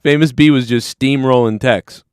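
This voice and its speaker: A man's voice: mid-range voice, normal speed, darkish tone, smooth, dry recording, clean studio sound. A man hosting a live stream, recapping a clip in a rambling, profane, casual way. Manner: rambling, profane, talks over replayed clips. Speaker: stream host.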